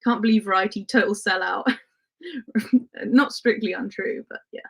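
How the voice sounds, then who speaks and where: A woman's voice: medium pitch, a little slow, creaky, breathy edge. A woman who grew up in Spain hosts a casual livestream, reading viewer comments in a chatty way and laughing often, with lots of "um" and "like". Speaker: livestream host.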